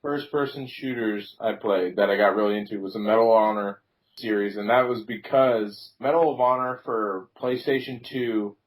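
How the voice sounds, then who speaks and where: A man's voice: on the low side, normal speed, low-quality recording. A man co-hosting a podcast in casual chat, laid-back and joking. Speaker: podcast co-host.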